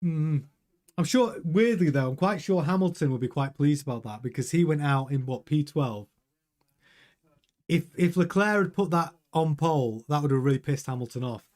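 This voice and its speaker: A chatty man with a slightly higher-than-usual voice talks casually through a live watch-along stream. He sounds excitable and often turns to answer viewers' messages. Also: normal speed. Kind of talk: casual live race commentary.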